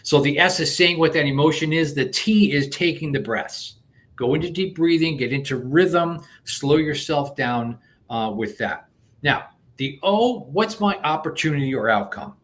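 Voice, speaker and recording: Animated man explaining a technique. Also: on the high side, moderate pace. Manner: animated, explains step by step with lots of restarts. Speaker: guest coach. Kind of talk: conversational interview.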